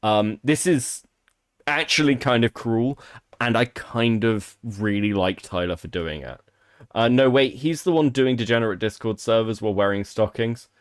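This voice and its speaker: A man's voice: lowish voice, moderate pace, smooth, dry recording, clean studio sound. A man giving casual, profane, amused commentary on a clip during a stream. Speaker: stream co-host reacting to a clip. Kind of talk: reaction commentary.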